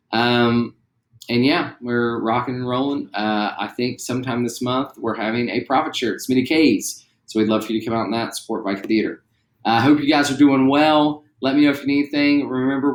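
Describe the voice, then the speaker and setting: A relaxed young man with a West Virginian accent leads a recorded theatre lesson. His voice sits at a middling pitch and rings out in an echoey room. He chats along easily, full of ums and uhs, and breaks off now and then to demonstrate. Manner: relaxed, chatty, with frequent fillers and demonstrations. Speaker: theatre teacher. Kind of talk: recorded online class lesson.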